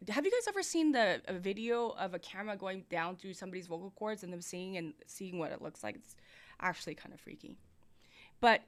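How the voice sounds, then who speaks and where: A woman's voice: on the high side, a bit bright. A woman hosts a livestream music review from what sounds like a home studio. She coaches casually and explains things plainly, moving closer to the studio mic and away from it to show the difference. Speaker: host giving music feedback. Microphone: studio mic, moved near and far.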